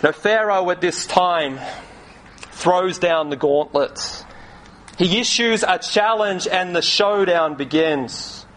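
A man delivering a sermon from the pulpit in a high, light voice. He speaks slowly and deliberately, leaning on key words for emphasis. He acts out quoted lines with dramatic flair. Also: fairly bright tone, a little hiss or hum. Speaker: preacher.

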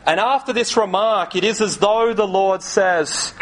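A man preaching a sermon in a measured, emphatic way, acting out quoted lines with dramatic flair. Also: sits high.

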